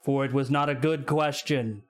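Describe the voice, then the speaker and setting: A man voicing an ancient, solemn stone guardian of time in a tabletop game, speaking in slow, formal pronouncements. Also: mid-range voice, fairly even intonation, faint music behind, natural voice. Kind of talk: tabletop role-play voicing.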